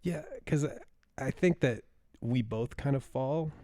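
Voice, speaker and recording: A man's voice: medium pitch, takes it slowly, warm tone, no echo, clean studio sound. A man co-hosting a podcast in casual chat, joking and laughing often. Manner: jokey, laughs often, talks in restarts. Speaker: podcast co-host.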